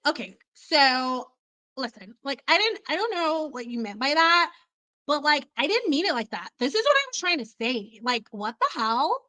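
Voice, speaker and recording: A young woman from Detroit rambles through personal stories on a casual livestream. Her voice is bright and slightly high, and she leaps up in pitch whenever she mimics someone. She talks in quick, looping, animated bursts. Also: rough recording. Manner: animated, chatty, acts out quoted people with big pitch jumps. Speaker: hair care livestream host.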